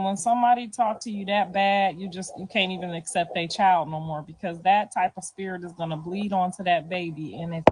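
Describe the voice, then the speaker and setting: A woman's voice: on the low side, a little hiss or hum, poor audio. A middle-aged woman answering interview questions in a loose, slangy way, often checking in with "you feel me". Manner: loose, slangy talk with frequent "you feel me" and soft laughs. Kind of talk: casual street interview.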